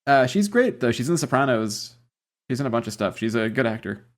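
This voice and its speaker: A man's voice: medium pitch, sing-song, brisk. A man from the Boston area co-hosting a podcast, telling jokey stories in casual chat. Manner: joking storyteller, laughs between lines. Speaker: podcast co-host.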